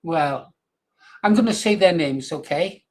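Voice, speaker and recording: An older man hosts a radio show in a loose, wandering chat and chuckles often between his thoughts. His voice sits a little higher than most men's. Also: a little slow. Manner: rambling, anecdotal, chuckling. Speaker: radio presenter.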